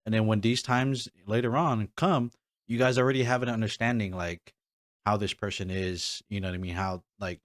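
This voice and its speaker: A man's voice: on the low side, steady tone, moderate pace, dry recording, clean studio sound. A man hosting a podcast in casual chat, talking loosely with many restarts and fillers. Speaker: podcast host.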